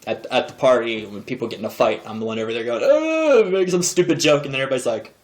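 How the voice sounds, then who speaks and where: Thirties guy rambling to his camera, jokey and self-deprecating, medium pitch, sitting in a chair at home. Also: lively intonation, racing. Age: 30s. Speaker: vlogger host. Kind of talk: casual comedic monologue to camera. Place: indoor room, seated in a chair. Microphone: camera propped in a desk drawer.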